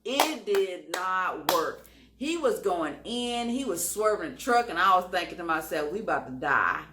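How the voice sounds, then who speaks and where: Woman, young adult, casual storytime, animated, bright, echoey room. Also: lowish voice, a little slow, slight background noise. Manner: animated, acts out quotes, lots of "like". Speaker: vlogger telling a story.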